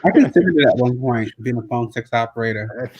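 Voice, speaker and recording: A man who writes comics, a guest telling relaxed anecdotes in casual chat. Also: medium pitch, brisk, muffled recording. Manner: relaxed anecdotes, acts out quotes.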